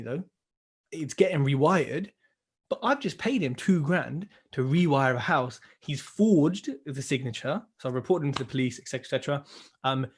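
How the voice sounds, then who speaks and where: Animated man telling stories. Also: fairly high pitch. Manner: animated, swears, acts out others' lines. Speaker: podcast co-host. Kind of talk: casual storytelling chat.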